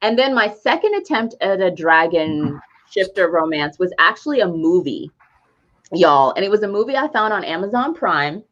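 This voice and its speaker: A woman co-hosting a podcast who retells a movie plot in casual chat, animated and laughing as she goes. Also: on the low side, normal speed, muffled recording. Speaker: podcast co-host.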